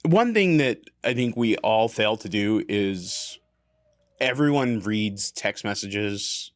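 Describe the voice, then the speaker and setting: Animated man telling a story, swearing freely. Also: on the low side, slow, no room sound, studio quality. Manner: animated storyteller, acts out quoted lines, frequent fillers and swearing. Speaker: podcast co-host. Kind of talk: casual storytelling chat.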